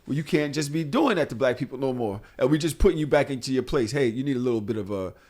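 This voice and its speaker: A man hosting a podcast in casual chat, telling stories in a blunt, animated and profane way. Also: mid-range voice, fast talker. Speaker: podcast host.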